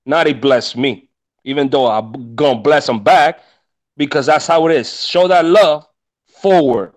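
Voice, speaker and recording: A man with a fairly high voice lectures his fellow panelists with emphatic, preachy conviction. His talk is casual, swears freely, and builds as he pushes his point. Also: a little slow. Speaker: panel speaker, rideshare driver.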